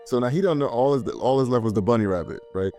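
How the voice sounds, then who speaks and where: A man's voice: mid-range voice, expressive, fast, warm tone, faint music behind. A young man in casual chat, animatedly retelling a horror film's plot and acting out the characters' lines. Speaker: movie podcast co-host. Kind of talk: casual movie breakdown chat.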